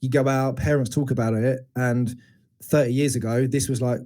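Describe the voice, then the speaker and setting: A man in his forties, an interview guest, telling painful childhood memories openly and haltingly. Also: medium pitch, fairly even intonation, mellow. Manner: open, searching, halting retelling of painful memories. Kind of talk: candid personal storytelling.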